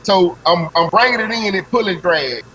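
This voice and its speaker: A man, a guest on a live stream, telling an excited fishing story in heavy slang. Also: sits high, moderate pace, crowd noise, rough recording. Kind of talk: animated fishing story, casual chat.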